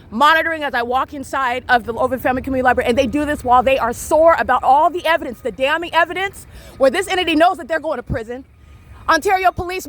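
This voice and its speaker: Fast, high-voiced accusatory woman. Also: a bit bright. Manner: accusatory, repetitive, rapid and insistent. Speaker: vlogger filming people around her. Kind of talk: confrontational narration while filming. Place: outdoors in a town square and parking lot.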